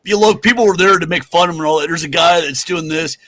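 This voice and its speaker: A man's voice: on the high side, quick pace, fairly bright tone. A man hosting a podcast in casual, rambling chat, swearing freely. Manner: rambling, profane, loose. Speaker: podcast host.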